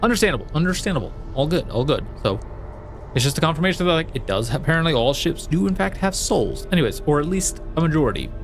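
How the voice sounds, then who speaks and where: Quick and very animated, a slightly high male voice comments on a game over soft background music. The streamer reads its text with a rambling, playful manner, frequent fillers and restarts included, and he tries ridiculous accents before laughing at his own failures.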